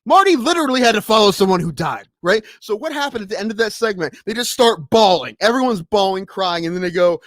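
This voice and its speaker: Male solo streamer, higher-pitched, scattered casual talker, dry close mic. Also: brisk, no room sound. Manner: scattered and rambling, with many restarts, then excitable when telling a story. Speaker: podcast host streaming solo. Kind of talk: casual rambling stream chat.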